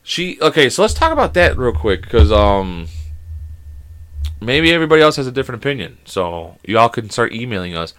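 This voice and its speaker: Bright-voiced man telling a rambling story. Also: medium pitch, brisk. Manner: animated storyteller who acts out the dialogue; rambling, with many restarts. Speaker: podcast co-host. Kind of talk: casual chat.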